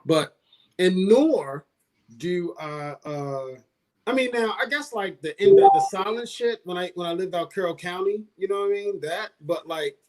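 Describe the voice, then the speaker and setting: A man's voice: sits high, normal speed, darkish tone. A man co-hosting a casual talk show, rambling and hesitant, with many restarts. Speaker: co-host. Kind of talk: casual podcast discussion.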